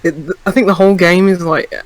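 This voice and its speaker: A woman's voice: on the low side, steady tone, fast talker, no room sound. A woman co-hosting a podcast in casual chat, dropping wry, dry quips. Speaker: podcast co-host.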